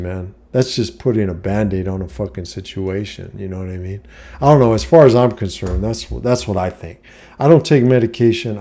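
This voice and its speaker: A middle-aged vlogger with a warm, mid-range voice gives life advice in a casual monologue to camera. He talks bluntly about his own life, swears often, and tacks "you know what I mean" onto nearly every point.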